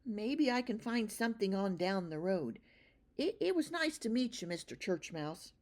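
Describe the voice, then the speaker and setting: A woman's voice: medium pitch, animated, moderate pace, lightly acted. Woman doing a shy stammering field mouse. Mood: wistful. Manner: quiet, hesitant, stammering. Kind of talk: children's storybook reading.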